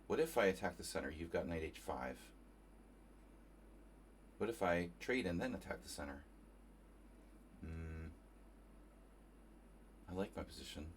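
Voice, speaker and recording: A man's voice: low voice, a little hiss or hum. A man from New Jersey commentating casually on his own chess game, thinking aloud and chatting with viewers. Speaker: chess streamer. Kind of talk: casual live commentary while playing.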